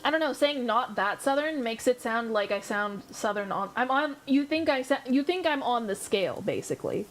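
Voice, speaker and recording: A woman's voice: a little high, expressive, moderate pace, hardly any pauses. A young woman streamer from the American South, chatting casually with her viewers and thinking aloud. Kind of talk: casual chat with live viewers. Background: faint background music.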